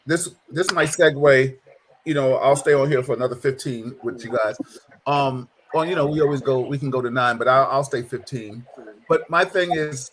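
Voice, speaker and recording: A man hosting a panel discussion, talking in an animated, emphatic way. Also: mid-range voice, moderate pace, slight background noise, poor audio. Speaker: host.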